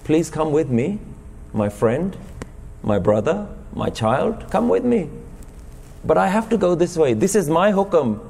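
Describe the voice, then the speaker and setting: A man voicing a patient, kindly river in a sermon parable, speaking in a gentle and pleading way. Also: on the high side, very animated, unhurried, vocal fry, breathy edge, voice pushed up, exaggerated voice. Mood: coaxing. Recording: reverberant gurdwara hall.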